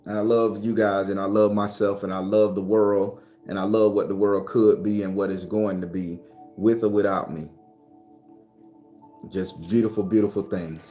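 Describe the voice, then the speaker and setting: A man's voice: fairly low pitch, flat delivery, moderate pace, dark tone. A man hosting a casual live stream, talking loosely and profanely to his viewers. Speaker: spiritual live-stream host. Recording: roomy echo, faint music behind.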